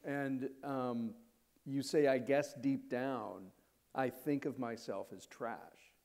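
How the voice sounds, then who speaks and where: A man's voice: medium pitch, fairly even intonation, slow, darkish tone. A man interviewing a guest on a live stage, asking long searching questions with restarts. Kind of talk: onstage interview.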